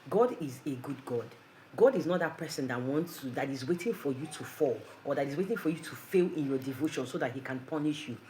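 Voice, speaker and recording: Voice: medium pitch, expressive, brisk, mellow, a little hiss or hum, poor audio. An earnest preacher gives a conversational devotional talk full of rhetorical questions.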